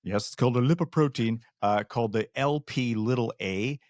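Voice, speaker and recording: An older man with a Canadian accent co-hosting a casual podcast, talking in a halting, good-humoured way with many restarts. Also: medium pitch, a little mellow, no room sound, clean studio sound. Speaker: podcast co-host. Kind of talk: casual chat.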